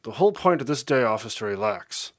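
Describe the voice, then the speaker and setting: A man voicing a quiet, solitary male pony who speaks in a flat, matter-of-fact way. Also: mid-range voice, brisk, natural voice.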